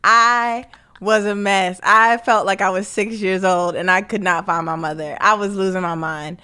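A young woman chats casually as a co-host, her voice bright and clear at a middle pitch. She tells self-mocking stories in an animated way. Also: normal speed. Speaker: podcast co-host. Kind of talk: casual chat.

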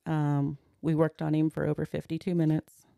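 A woman in her forties tells a personal story in a podcast conversation, walking through events one step at a time. Her voice is warm and darker in tone, with a gravelly edge. The sound is close and dry, with no room around it. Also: sits low, monotone, moderate pace, no echo. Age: 40s. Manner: earnest, recounting events step by step and voicing others' words. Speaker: podcast guest.

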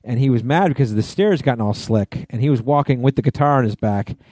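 A man co-hosting a podcast, telling long, meandering anecdotes in casual chat. His voice is warm and dark, recorded close with no room sound. He fills his talk with "you know" and easy profanity. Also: mid-range voice, quick pace, dry recording. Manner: rambling storyteller, lots of you-knows, swearing. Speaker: podcast co-host.

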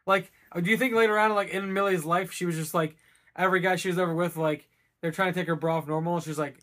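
A man's voice: on the high side, steady tone, fast, fairly bright tone. A man chatting casually on a podcast, rambling and crude with lots of fillers. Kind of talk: casual chat.

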